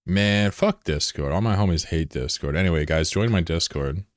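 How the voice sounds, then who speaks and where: A man streaming a game in casual, profane chat, answering his viewers and drawling slowly when he admires something. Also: low voice, dry recording. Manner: laid-back, profane, answers chat aloud.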